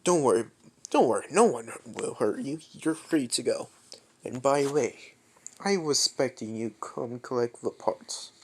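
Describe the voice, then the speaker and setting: A man voicing a calm, smooth-talking villain leader in a spoken fan story. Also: mid-range voice, a little slow. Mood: reassuring.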